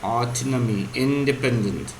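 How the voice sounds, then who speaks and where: Man, vocabulary teacher, slow explanations, echoey room, faint background hum. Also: mid-range voice. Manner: explains words slowly, spells them out. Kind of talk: casual vocabulary lesson.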